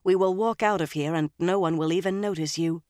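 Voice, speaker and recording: An audiobook narrator voicing a stern young woman who speaks quietly and grimly. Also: mid-range voice, steady tone, fairly quick, no room sound, clean studio sound, lightly acted. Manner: grim, quiet and firm.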